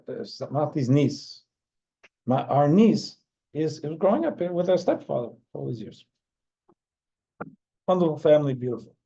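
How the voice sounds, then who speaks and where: A middle-aged man, a rabbi teaching an informal class, telling a heartfelt story in a halting way. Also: on the low side, warm tone, slightly rough. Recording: dull lo-fi recording.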